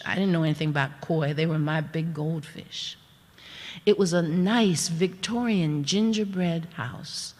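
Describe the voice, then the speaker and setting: A woman storyteller giving an unhurried storytelling performance, with asides to the audience. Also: low-pitched. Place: performance hall. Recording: reverberant hall.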